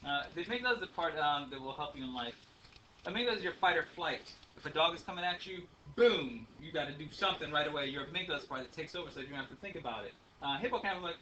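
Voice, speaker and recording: Rambling male teacher, bright voice. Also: fairly high pitch, expressive, racing. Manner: chatty, rambling, many ums and uhs. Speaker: math teacher. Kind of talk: classroom lecture. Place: classroom. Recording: faint room noise, speaker a bit far from the mic.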